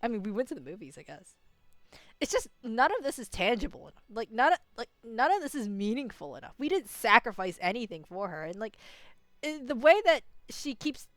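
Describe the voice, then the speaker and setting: A young female gaming streamer rants casually while playing through a story game, sounding exasperated and leaning heavily on "like" and other fillers. Her fairly high voice is sing-song and brisk, in a dry recording with faint music behind.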